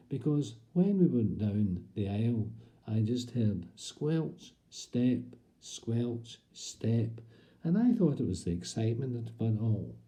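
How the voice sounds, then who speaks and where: A man's voice: lowish voice, mellow. A man in a comic monologue, playing a chatty, prim older Scottish woman with a Scottish accent. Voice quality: gossipy, prim storyteller. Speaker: comic performer.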